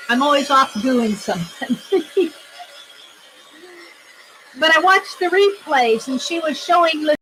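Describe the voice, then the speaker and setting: A woman's voice: high voice, lively intonation, a little slow, pauses often, bright, forceful tone, a little hiss or hum, rough recording. A middle-aged woman chatting cheerfully while she crafts at home, thinking aloud as she works. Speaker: craft vlogger. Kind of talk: casual crafting vlog chat.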